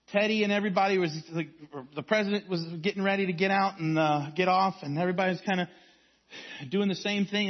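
A man preaching a sermon as a youth pastor, telling stories and dropping his voice low and hushed at key points. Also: highs cut off. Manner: storytelling preacher, varies volume from strong to hushed.

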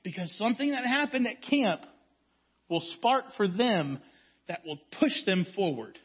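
A man preaching a sermon as a youth pastor, telling stories and dropping his voice low and hushed at key points. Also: big pitch swings, measured pace, breathy edge, dull audio. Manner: storytelling preacher, varies volume from strong to hushed.

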